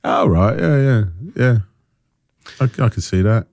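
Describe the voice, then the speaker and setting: A man's voice: unhurried, a little mellow, dry recording, studio quality. A man co-hosting a casual film podcast, joking around and laughing often. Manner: jokey, laughs a lot, swings his pitch widely. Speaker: podcast co-host.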